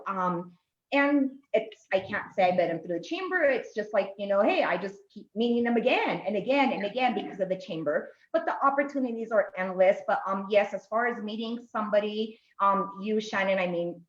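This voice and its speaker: A woman speaking as a panelist on a webinar, animated and frank, rambling and repeating herself. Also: medium pitch, roomy sound, muffled recording. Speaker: panelist, committee member. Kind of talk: casual panel talk.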